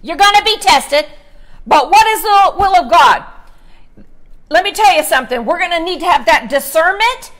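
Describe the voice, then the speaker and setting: A woman pastor preaching, emphatic, slowing down to stress scripture. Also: very high voice, expressive, fairly bright tone. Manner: emphatic, slows to stress scripture, asks "Amen?". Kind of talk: sermon.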